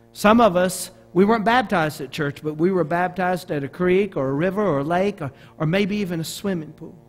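A middle-aged man from Arkansas with a Southern American accent, preaching a sermon as a pastor in an animated storytelling manner with frequent restarts. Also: sits high.

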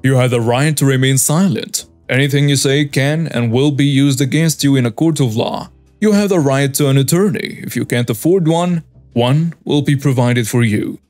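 A man reading the lines of a police commander and father, speaking calmly and firmly. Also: mid-range voice, normal speed, faint music behind, close to an everyday voice. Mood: stern. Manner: calm, firm, unwavering.

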